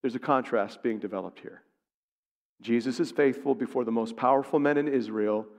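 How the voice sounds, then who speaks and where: A man preaching a sermon, who acts out the lines he quotes with big swings in pitch and volume. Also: moderate pace, darkish tone, big-room sound.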